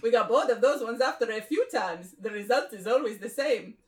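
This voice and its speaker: A woman's voice: a little high, animated, a little fast, close to an everyday voice. A woman with a northern English accent voicing Gary, a chummy Spanish man who leads a historical reenactment group, in a put-on Spanish accent in a comedy sketch. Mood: jovial.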